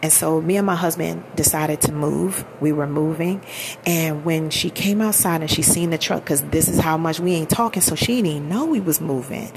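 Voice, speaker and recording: Low gravelly woman telling a personal story. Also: normal speed, a little mellow, slight background noise. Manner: candid, emphatic, colloquial. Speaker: vlogger.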